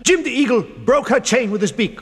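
Animated man reading a children's story. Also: extremely high pitch, brisk, husky. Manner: animated, playful. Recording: reverberant, with loud music.

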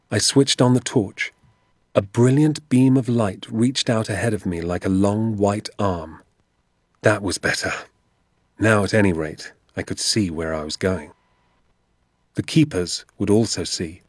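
A man reading a first-person story aloud as narrator, in a measured, hushed storytelling manner. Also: fairly low pitch, slightly rough, no echo, clean studio sound.

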